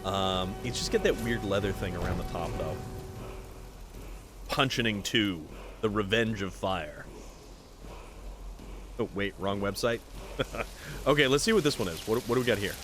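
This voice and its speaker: A man's voice: moderate pace, long pauses, over music. A man streaming a game live, chatting casually with his viewers and reacting to what happens on screen. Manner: animated, jumpy pitch with sudden high exclamations. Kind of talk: casual live gameplay commentary.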